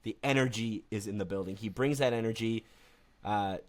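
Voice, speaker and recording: A man's voice: lowish voice, normal speed. A man co-hosting a casual sports podcast, telling stories in an easygoing, enthusiastic way. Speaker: podcast co-host.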